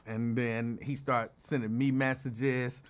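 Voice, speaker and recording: A man's voice: mid-range voice, little pitch movement, takes it slowly, clear, resonant tone. A man hosting his own show, telling rambling stories in a casual chat and laughing often. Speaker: show host.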